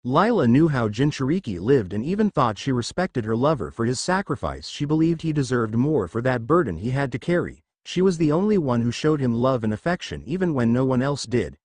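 A man's voice: mid-range voice, very animated, brisk, few pauses, darkish tone, no echo. A man narrating a fan fiction story in a plain reading manner.

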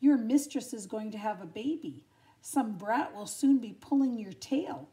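A swaggering stray dog, king of the mutts, read aloud by an older woman, tossing off lines in a breezy, jaunty manner. The delivery is unhurried with a mellow warmth. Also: a little high, lightly acted. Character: cocky streetwise male mongrel dog.

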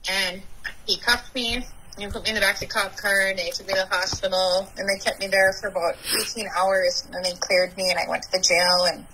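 A woman's voice: medium pitch, fairly even intonation, a little fast, bright, forceful tone, a little hiss or hum, poor audio. Candid woman telling her recovery story. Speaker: podcast guest.

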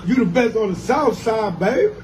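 A man's voice: sits high, lively intonation, normal speed, crowd noise, background noise. A man ribbing a friend on a phone call in a teasing, mock-threatening way. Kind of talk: comedic phone banter.

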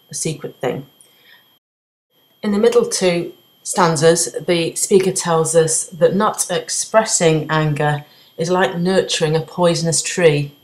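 A woman teaching a literature revision lesson, explaining things clearly and step by step. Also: low voice, echoey room, poor audio.

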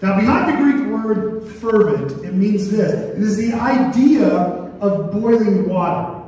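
A man's voice: high voice, slow. A male pastor preaching a sermon, telling stories and firing questions at his congregation. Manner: animated preaching with call-and-response questions. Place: church sanctuary. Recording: roomy church hall, mic at a distance.

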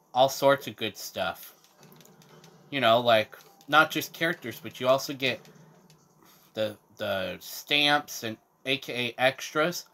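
A man's voice: mid-range voice, sharp tone. A man hosting a casual game walkthrough, chatting to viewers and checking in with them often. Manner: chatty, addresses viewers, frequent "okay?" checks. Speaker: gaming channel host.

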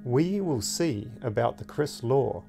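A man voicing a teenage girl who leads a street gang, speaking in a calm, cultured, mocking way. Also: medium pitch, takes it slowly, creaky, soft background music.

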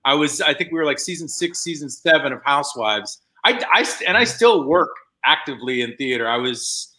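A male actor talking casually as a guest over a video call. His tone is bright and forceful, with a lively, swinging pitch. He is animated and restarts his phrases often as he thinks. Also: brisk. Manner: animated, restarts a lot, many fillers. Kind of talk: casual chat.

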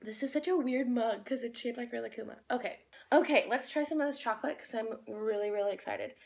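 A woman's voice: a little high, fairly quick, gravelly, a little mellow. A young woman vlogging into her phone, chatting in a bubbly, rambling way and talking with her mouth full while she eats. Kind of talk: casual chat while eating.

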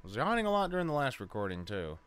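A man's voice: medium pitch, wildly swooping pitch, very fast, fairly bright tone, clean tone, no echo. Sleepy, apologetic man reacting to a video. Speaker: reaction channel host. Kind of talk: casual reaction commentary.

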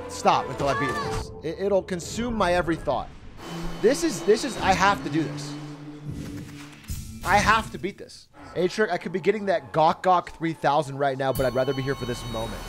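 Young guy streaming a game, high voice bouncing all over, cursing and laughing at himself, game music under him. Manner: self-critical, swearing, laughing at himself. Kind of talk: live gaming stream commentary.

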